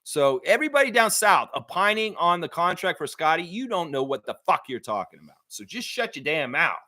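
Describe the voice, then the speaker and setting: A man's voice: fairly high pitch, big pitch swings, fairly quick, sharp tone, no room sound. A man from Canada hosting a live sports chat stream, reading chat aloud and ranting bluntly with lots of fillers. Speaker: livestream host.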